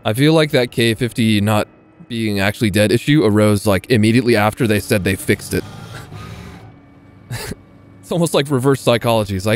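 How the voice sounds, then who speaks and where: Speaking in a fairly low pitch, this gaming creator talks briskly but pauses often. He narrates his gameplay casually, muttering to himself, cursing, and throwing asides to his viewers.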